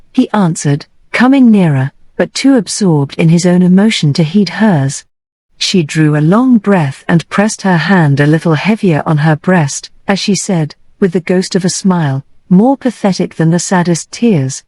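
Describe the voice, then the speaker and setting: A woman narrates a classic novel as an audiobook in a measured, expressive reading. Her voice is low and mellow. The recording is dry and close. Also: no room sound, poor audio.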